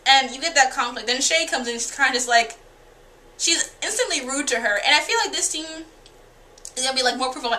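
Brisk, bright-voiced candid woman reviewer. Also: high-pitched, a little hiss or hum. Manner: candid, profane, chatty, acts out characters' lines. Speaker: TV show reviewer. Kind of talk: casual spoken episode review.

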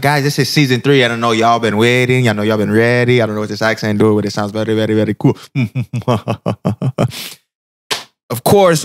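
A young man hosting a casual podcast, loose and joking, swearing freely as he talks. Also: medium pitch. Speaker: podcast host.

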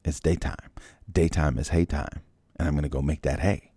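A man with a low voice reads scripture aloud and interrupts himself with casual, joking asides, laughing and sighing. The recording is dry and close. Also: steady tone, moderate pace, dark tone, slightly rough, no room sound. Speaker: Bible reader. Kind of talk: scripture reading with casual commentary.

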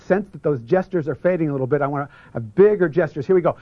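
Energetic man leading a seminar, slightly high. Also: quick pace, no echo. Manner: energetic, stretching out foreign words for the audience to repeat; drops to a hush for some passages. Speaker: seminar presenter. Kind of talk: instructional seminar talk leading audience repetition. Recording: muffled lo-fi video recording.

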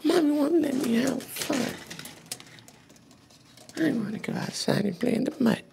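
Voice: sits high, a little slow, creaky, noisy background, exaggerated voice. A performer playing a sulky little boy who whines and complains about his chores in a comedic skit. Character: grumpy little boy stuck doing chores.

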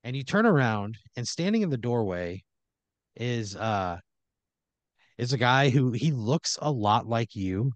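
A man improvising a comedy story on a podcast, halting with fillers and restarts and slipping into quick character voices. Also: mid-range voice, very animated, no room sound, dull audio. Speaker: podcast host telling an improvised scenario.

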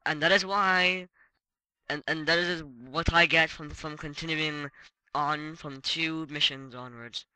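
A man narrating his own gameplay in a casual, excitable way, breaking into exclamations and swearing. His voice is very bright and piercing, and the recording is dry and close. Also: on the high side, smooth, no room sound, rough recording. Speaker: let's play gamer.

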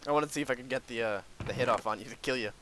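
A man hosting a casual gameplay chat, excitable and quick to burst into shouts and laughter. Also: mid-range voice, slight background noise. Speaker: let's play host.

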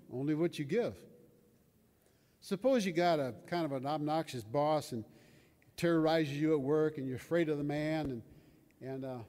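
An older man delivers a sermon conversationally, frequently posing questions to his listeners. His voice is fairly high with a dark tone, and a long hall reverb colors the recording.

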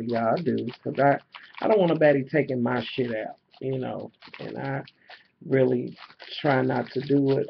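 A gravelly mid-range male voice vents to camera in a casual vlog, cursing freely and leaning on fillers in an exasperated way. He's a jewelry seller filming at home indoors, and the dull lo-fi camera audio has a slight hiss or hum.

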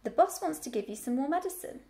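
A woman voicing an eager, innocent young male piglet from a storybook, asking excited questions. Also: high voice, fast, pitched above the performer's own voice. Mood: coaxing.

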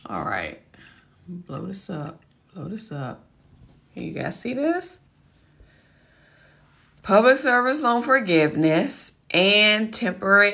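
A woman hosting a casual livestream Q&A. Her voice is hoarse and cracking, and she talks in a folksy, chatty way, muttering to herself as she looks for things. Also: fairly low pitch, sharp tone. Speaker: host answering viewer questions.

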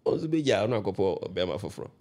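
A Ghanaian man, guesting on a radio talk show, explains his view at length in a warm, fairly low voice at normal speed and very animated. He often restarts his sentences and checks that the listener is following.

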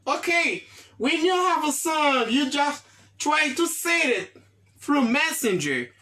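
A woman's voice: high-pitched, sing-song, slow pace, pushed and bright. A woman teaching an English lesson, repeating words often and checking that the class understands.

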